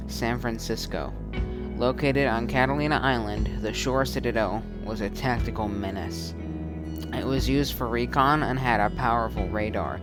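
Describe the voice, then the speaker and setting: A man narrates a first-person action story in short, dramatic sentences. His voice sits in an ordinary middle pitch. Loud music plays beneath him the whole time. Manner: terse, dramatic, shouts quoted lines.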